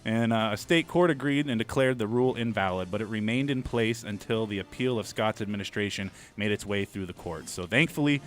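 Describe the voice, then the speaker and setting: A man's voice: fairly low pitch, brisk, few pauses. A man hosting a studio radio show, reading cannabis news in a loose, joking way with frequent swearing. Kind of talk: casual radio news banter.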